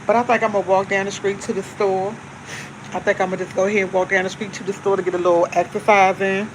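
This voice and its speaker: A woman's voice: mid-range voice, little pitch movement, fast talker, background noise. Chatty woman hosting a live stream. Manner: chatty, repeats herself, easygoing. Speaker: livestream host. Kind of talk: casual live chat to viewers. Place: at home with coffee.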